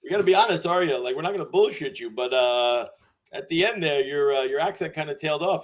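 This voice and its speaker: Male stream host, a touch high-pitched, energetic and slangy. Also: quick pace. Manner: hyped, slangy, loud shout-outs. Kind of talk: casual live-stream chat.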